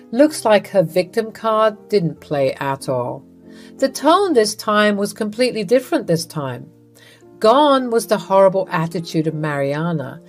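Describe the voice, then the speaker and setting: A woman narrating a first-person drama story in an even, matter-of-fact way. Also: fairly low pitch.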